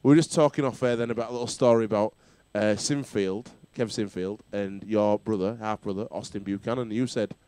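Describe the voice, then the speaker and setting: A man's voice: fairly low pitch, steady tone, a little fast, few pauses, warm tone, smooth. Jokey male host. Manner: jokey, laughs often, banter. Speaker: talk show host. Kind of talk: casual rugby chat.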